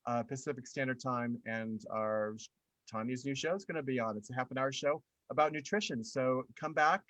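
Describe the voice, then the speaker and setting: A man hosting a live video chat, briskly reading out viewer comments and announcements. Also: medium pitch, a bit bright, no echo. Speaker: host.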